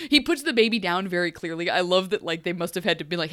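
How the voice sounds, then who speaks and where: An animated woman co-hosting a podcast, recapping a TV episode in loose, casual chat. She laughs easily and jumps into high little character voices. Her voice sounds dry and close, with no room around it. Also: fast talker, few pauses, dry recording. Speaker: podcast co-host.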